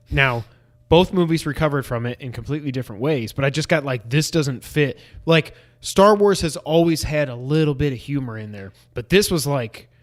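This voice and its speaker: A man co-hosting a podcast, giving a casual review with animated, ranting complaints. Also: medium pitch. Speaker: video game podcast co-host.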